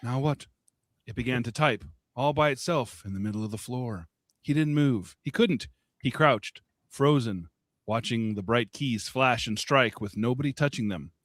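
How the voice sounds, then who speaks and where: Podcast guy reading a story out loud, plain delivery, middle pitch, dry mic. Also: moderate pace, no echo. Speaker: podcast co-reader. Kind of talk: reading a short story aloud.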